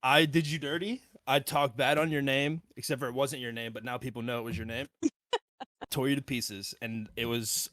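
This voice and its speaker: A man's voice: medium pitch, steady tone, normal speed, a bit bright, no room sound, clean studio sound. A man hosting a podcast in casual chat, tipsy, swearing and laughing often. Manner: profane, laughs often, joking. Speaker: podcast host.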